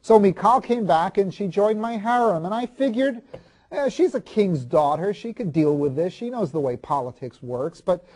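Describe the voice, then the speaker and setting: A man playing a proud ancient king in a first-person monologue, confiding and halting, restarting and repeating his words. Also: high voice, animated, a little mellow, breathy edge. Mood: brooding. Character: proud ancient king recalling his marriage, self-justifying.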